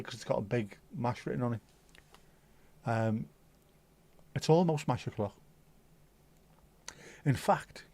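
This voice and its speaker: A middle-aged man chats through a livestream, rambling from one topic to the next. His talk is loose and sweary, full of banter for the viewers. His pitch sits in the middle range. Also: darkish tone. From Liverpool, England. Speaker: livestream host. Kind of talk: casual chat reading viewer comments.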